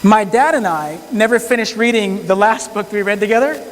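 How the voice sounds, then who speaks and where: Man, high voice, storytelling talk on stage, long hall reverb, chatty, acts out dialogue. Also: normal speed. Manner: conversational, quotes people in dialogue. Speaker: speaker telling a courtroom story.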